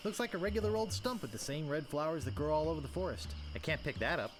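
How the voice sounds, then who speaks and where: Young game pirate hero, deadpan and wry, animated pitch, light hiss. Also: male voice, quick pace. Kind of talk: game dialogue.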